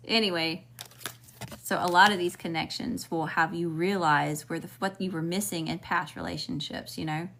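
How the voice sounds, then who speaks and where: A woman's voice: fairly low pitch, fairly even intonation, normal speed, creaky, fairly bright tone, a little hiss or hum. Frank, profane woman with a Southern accent. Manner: frank and profane, chatty asides. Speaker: tarot reader. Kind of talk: casual spiritual reading.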